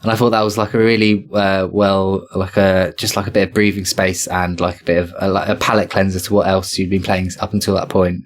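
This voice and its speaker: A man's voice: low-pitched, little pitch movement, brisk, hardly any pauses. A man co-hosting a podcast, talking through a video game in a thoughtful, analytical way with many fillers. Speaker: podcast co-host. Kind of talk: casual game review chat.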